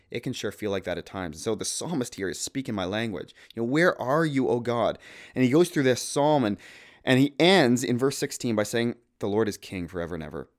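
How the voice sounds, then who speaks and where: An earnest man in his thirties talks casually about faith with a co-host. His voice sits at an ordinary middle pitch, and he quotes Scripture with quiet conviction. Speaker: podcast co-host, father. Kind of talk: casual theological discussion.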